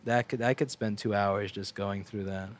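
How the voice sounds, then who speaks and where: With a fairly low voice at normal speed, a twenty-something American man streams from his repair shop bench, delivering casual, rambling, profanity-laced rants punctuated by mocking put-on voices.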